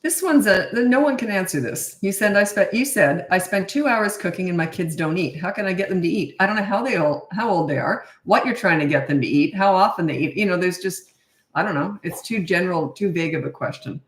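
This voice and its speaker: A woman's voice: lowish voice, lively intonation, a little fast. A middle-aged woman parenting coach answering questions in a casual, blunt, matter-of-fact way, with chatty asides. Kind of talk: casual Q&A advice. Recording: roomy echo.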